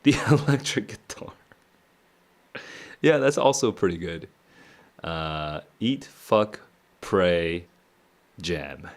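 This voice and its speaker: A man streaming a casual read-aloud of a novel, thinking out loud between passages and chuckling often. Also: deep voice, animated, takes it slowly, long pauses. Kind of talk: casual reading and reacting.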